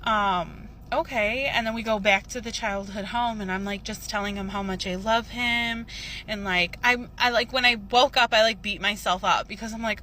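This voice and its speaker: Woman, bright clear voice, fairly high, filler-heavy storytime, faint hum behind. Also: normal speed. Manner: filler-heavy, animated retelling. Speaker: storyteller recounting a dream. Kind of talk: casual storytime.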